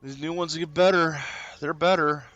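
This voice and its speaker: Casting note: an excitable male streamer with a lively, bright voice and a dry, close sound. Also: fairly high pitch, normal speed, no room sound, muffled recording. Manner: excitable, chatty and exclaiming. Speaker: gaming streamer. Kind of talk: casual game commentary.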